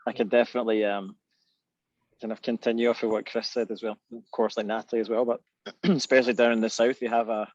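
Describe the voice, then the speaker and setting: A man's voice: medium pitch, level tone, fast talker, dry recording. A Scottish man chatting as a guest musician on a video panel, talking in a rambling way and laughing often. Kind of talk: casual video panel chat. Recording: dull dry video call audio.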